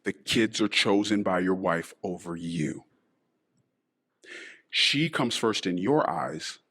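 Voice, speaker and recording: A middle-aged man hosting a personal monologue podcast in a deliberately disguised voice, talking in an emotional, halting way with sighs. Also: low voice, expressive, fairly bright tone. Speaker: podcast host.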